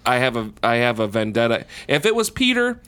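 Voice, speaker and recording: A man co-hosting a casual horror movie podcast, excitable, swearing freely and restarting his sentences often. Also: mid-range voice, a little fast, clear, resonant tone. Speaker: podcast co-host.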